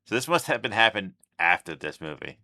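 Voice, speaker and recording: A man hosting a reaction video who thinks out loud, trails off mid-sentence and cuts in with offhand asides. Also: on the low side, sing-song, a little fast, background noise. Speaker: reaction channel host. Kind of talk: casual reaction commentary.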